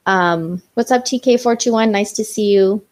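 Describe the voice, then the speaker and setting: A young woman hosts a casual live stream, talking straight to her viewers and answering their comments one by one. Her voice sits at an ordinary middle pitch, and her speech is loose and chatty, full of fillers and restarts. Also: moderate pace, a little mellow.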